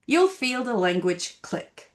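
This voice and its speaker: Lively high-voiced woman teaching slowly. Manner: lively, demonstrative, stresses example phrases. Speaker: language teacher. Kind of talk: scripted video lesson.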